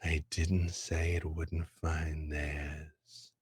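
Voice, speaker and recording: A man's voice: little pitch movement, drawn-out words, husky, no room sound, studio quality, heavily acted. A man doing a sly, menacing warrior woman. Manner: low, quiet threatening delivery.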